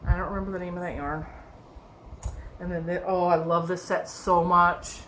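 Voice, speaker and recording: A woman's voice: lowish voice, little pitch movement, normal speed. A woman vlogger in a casual show-and-tell chat about her crochet projects, rambling and laughing often. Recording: echoey room with faint background noise.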